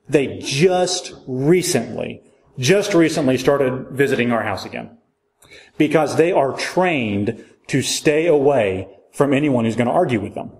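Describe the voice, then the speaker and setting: A man's voice: on the high side, a little mellow. Casual man teaching a church class. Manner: casual, joking, asks the class questions. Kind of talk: conversational Bible class lecture.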